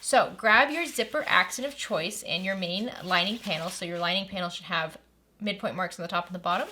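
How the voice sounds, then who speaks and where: A woman's voice: fairly low pitch, fairly quick, sharp tone, a little hiss or hum. A woman narrating a step-by-step sewing tutorial in a friendly, practical way, walking the viewer through each stage. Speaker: sewing instructor.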